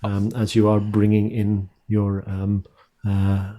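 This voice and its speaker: A man's voice: lowish voice, completely flat delivery, slow, mellow. A man running a tabletop game as game master, describing scenes in a hesitant way with many ums and restarts.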